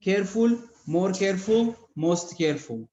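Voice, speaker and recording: A man with an Ethiopian accent teaches grammar over a video call, taking his time and spelling out letters. His voice sits a little high for a man. The audio is dull and echoey, like a call from a bare room. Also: lively intonation, mellow. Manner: slow, methodical explanation, spelling out letters. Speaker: English teacher. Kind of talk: online grammar lesson.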